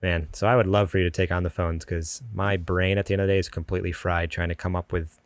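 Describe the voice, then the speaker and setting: A man's voice: sits low, little pitch movement, quick pace, no room sound. A man co-hosting a podcast, talking casually in his garage, with lots of fillers and restarts. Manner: rambling, frequent fillers and restarts. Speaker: podcast co-host. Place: home garage with door open.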